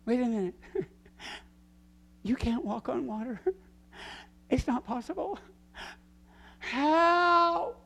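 A middle-aged man preaching a sermon to his small church, acting out scripture with big swings in pitch and loudness. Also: expressive, drawn-out words, vocal fry, long pauses. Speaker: pastor.

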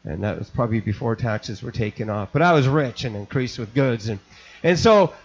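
An older man from Canada, a pastor preaching a sermon and telling a lively story, often repeating words as he goes. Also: mid-range voice, fairly quick, husky. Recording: dull lo-fi recording.

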